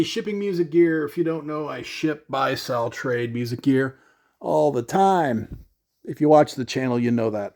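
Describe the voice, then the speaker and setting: A man's voice: medium pitch, a little mellow. A man from Canada telling a rambling, chatty story to camera about shipping his gear. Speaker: gear vlogger.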